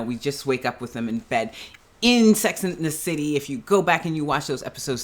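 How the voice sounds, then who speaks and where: Woman, casual TV review, exasperated rant, laughs between points. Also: sits low. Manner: animated, exasperated ranting with laughs. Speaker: show reviewer. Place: at home in pajamas.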